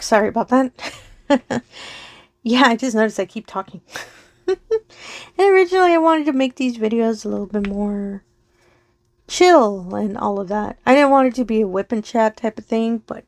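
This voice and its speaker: A woman chatting casually while diamond painting on her craft channel, her voice going soft and slow as she focuses, with frequent giggles. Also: fairly high pitch, dry recording. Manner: giggles often between remarks. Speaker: crafting vlogger.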